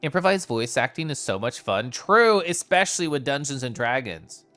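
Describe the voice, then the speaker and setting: Playful male streamer, lively voice. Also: medium pitch, moderate pace, soft background music. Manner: playful, sappy, giggly, does silly voices. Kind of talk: casual game stream chat. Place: at home.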